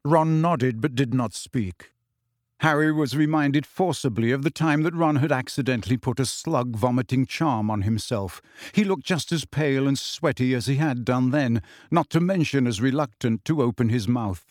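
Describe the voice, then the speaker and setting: A man reading a story aloud as narrator in a measured storytelling way. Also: medium pitch, a little mellow, dry recording, clean studio sound. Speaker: audiobook narrator. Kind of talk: scripted narration.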